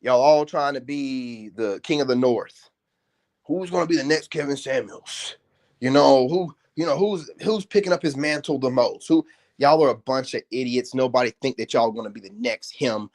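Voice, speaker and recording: A man delivering a confrontational, mocking commentary rant in slangy speech, his voice climbing higher in heated outbursts. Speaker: self-help commentator. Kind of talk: ranting commentary.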